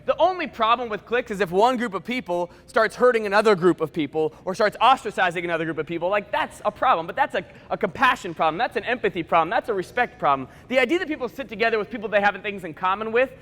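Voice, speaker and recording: A bright, high-pitched man speaks to a school assembly in a big echoing hall, and the long reverb trails after his words. He jokes and acts out quick snatches of dialogue as he tells his stories. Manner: playful, joking storyteller acting out quick dialogue. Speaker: motivational speaker.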